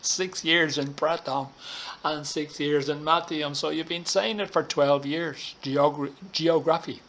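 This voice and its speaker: Slow, bright-voiced male English teacher. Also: fairly high pitch, steady tone. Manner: slow, deliberate teacher talk with frequent "okay"s. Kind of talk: recorded online lesson, explaining slides. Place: Thailand.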